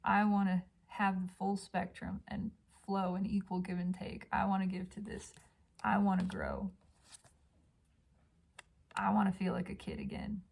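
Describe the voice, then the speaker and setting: A woman doing an intuitive tarot reading at home, gushing and dreamy, often dropping into soft whispers. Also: mid-range voice, expressive, measured pace, creaky, breathy edge. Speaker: tarot reader. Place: home by a balcony.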